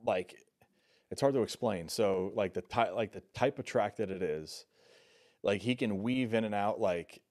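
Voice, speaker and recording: Blunt, low-voiced man in casual chat. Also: a little slow, a little mellow. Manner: blunt and opinionated. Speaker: podcast co-host. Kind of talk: casual chat about music.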